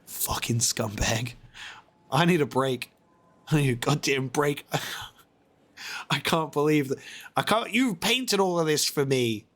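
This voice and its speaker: A man's voice: on the high side, expressive, takes it slowly, pauses often, fairly bright tone. A man reacting to a video game as a let's-play host, exasperated and rambling, often swearing.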